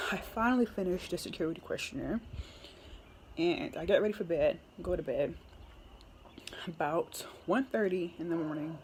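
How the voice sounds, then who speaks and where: A woman's voice: lowish voice, darkish tone, a little hiss or hum. Give me a chatty young woman vlogger telling a story, laughing and rambling a bit. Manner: chatty, laughing, many "like" fillers. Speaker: military recruit vlogger. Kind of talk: casual storytime.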